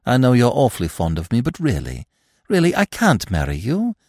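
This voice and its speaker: A man's voice: medium pitch, huge pitch swings, normal speed, darkish tone, dry recording, clean studio sound, pitched above the performer's own voice. A man voicing a harassed, impatient young woman who talks in a tense, clipped, exasperated way.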